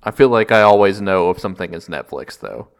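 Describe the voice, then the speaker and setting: A man's voice: low-pitched, lively intonation, fairly quick, vocal fry. A man hosting a casual podcast chat, wry and joking, laughing often. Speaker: podcast host.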